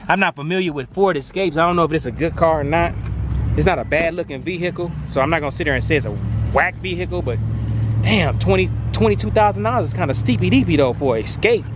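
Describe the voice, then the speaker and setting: A man's voice: on the high side, fast, noisy background. A man vlogging casually on an outdoor used car lot, reacting to prices with slangy exclamations, filmed on a handheld phone. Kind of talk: casual walk-around vlog.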